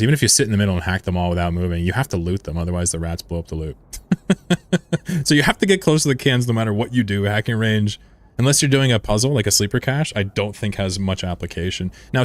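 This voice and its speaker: A man streaming a game, chatting casually with his audience in a rambling, profane way and chuckling often. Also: lowish voice. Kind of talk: casual live-stream commentary.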